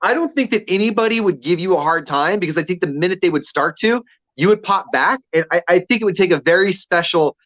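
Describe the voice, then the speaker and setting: A man's voice: on the high side, a little fast, a bit bright, highs cut off. A man co-hosting a radio show, telling a story casually and acting out the quotes with energy.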